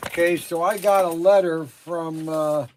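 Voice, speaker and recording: Host, male, reads emails out on a casual stream, deadpan and teasing, explains at length, slightly high voice. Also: a little slow, slight background noise. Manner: dry, teasing, explains in detail. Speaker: livestream co-host. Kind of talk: casual chat, reading an email aloud.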